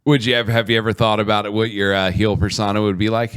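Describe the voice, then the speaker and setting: A man's voice: on the low side, level tone, quick pace, a bit bright, a little hiss or hum. A man hosting a casual podcast interview, speaking hesitantly and poking fun at himself. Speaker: podcast host.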